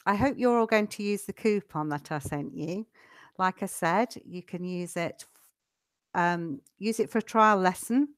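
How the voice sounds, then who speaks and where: A woman teaching a live online English lesson, chatty and patient, slowing down so learners can follow. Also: on the low side, no echo, studio quality.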